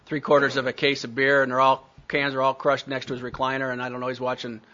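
Blunt storytelling man, bright voice. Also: mid-range voice, completely flat delivery, fast, dull audio. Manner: blunt, storytelling, self-mocking humor. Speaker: speaker sharing recovery story. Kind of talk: recovery meeting talk.

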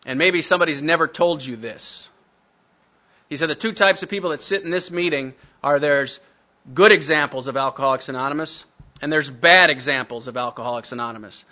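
A man's voice: medium pitch, a little fast, bright, forceful tone, lo-fi sound. A man telling his recovery story to a meeting, blunt and self-mocking. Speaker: speaker sharing recovery story.

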